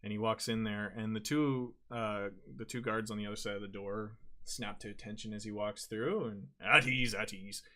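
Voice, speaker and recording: A man narrating as dungeon master, halting often and correcting himself as he goes. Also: fairly low pitch, fairly even intonation. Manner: halting, frequent restarts and self-corrections. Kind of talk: narrating a tabletop game.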